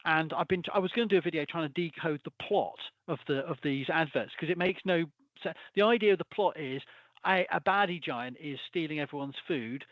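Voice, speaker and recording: Guesting in a casual chat, a male folklorist rambles, chuckles through his asides, and keeps starting sentences over. He speaks at a fairly high pitch and fairly quickly, and the recording sounds dull and dry.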